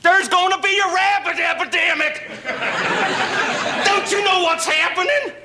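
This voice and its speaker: Huffy blustery husband, real high pitched, noisy old tv audience sound. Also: male voice, steady tone, measured pace, a loud crowd. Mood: indignant. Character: blustering, put-upon middle-aged husband. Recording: noisy TV sitcom audio, audience laughing.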